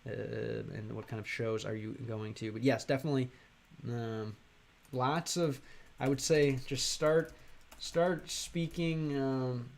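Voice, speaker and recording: A man's voice: medium pitch, fairly even intonation, gravelly. Rambling American man streaming casually. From Chicago, USA. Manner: rambling, halting, with many fillers and restarts. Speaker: streamer and language learner. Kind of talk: casual livestream chat.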